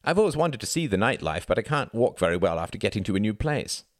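A man's voice: fairly low pitch, very animated, quick pace, dry recording, voice pushed up. A man playing an awkward, earnest young man with a formal, dry wit in an audiobook. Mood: wry.

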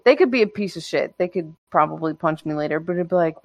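A woman's voice: fairly low pitch, quick pace, hardly any pauses, no room sound. A young woman co-hosting a casual podcast chat, blunt and crude, laughing often. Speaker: podcast co-host.

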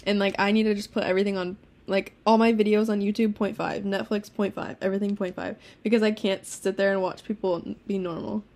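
A teenage girl chatting casually as a podcast co-host, telling stories quickly with lots of swearing and laughter. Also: medium pitch, flat delivery, a little mellow. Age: teens. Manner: fast, profane storytelling with laughs. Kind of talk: casual chat.

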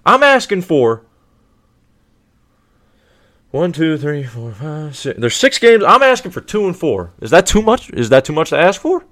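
A man giving a casual, emphatic sports commentary monologue as a show host, full of rhetorical questions and repetition. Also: fairly high pitch. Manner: animated, emphatic, repeats himself, rhetorical questions.

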